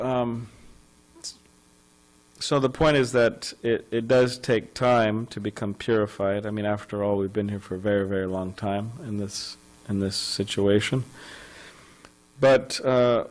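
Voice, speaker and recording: A man's voice: lowish voice, a little mellow, poor audio. A man giving a scripture class at a temple, telling a story conversationally with many fillers and restarts. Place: temple hall.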